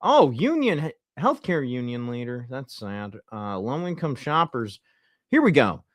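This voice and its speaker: A tired man streaming political commentary, talking in deadpan sarcasm as a mock insider. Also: mid-range voice, a little slow, dry recording, studio quality.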